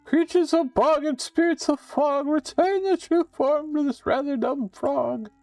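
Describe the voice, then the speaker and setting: A man's voice: very high-pitched, unhurried, darkish tone, dry recording, far from the mic, faint music behind, voice pushed up. A man doing a taunting old swamp witch. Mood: gloating. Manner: sing-song rhyming spells, taunting. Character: cackling old female swamp witch, mocking and cruel.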